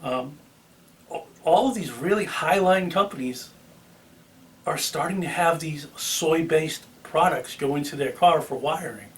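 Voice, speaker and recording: Man, Boston accent, car channel host, chatty, slightly high voice, a bit off-mic. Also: a little slow, recorded from a distance. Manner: chatty, with filler ums and restarts. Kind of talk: casual talk to camera.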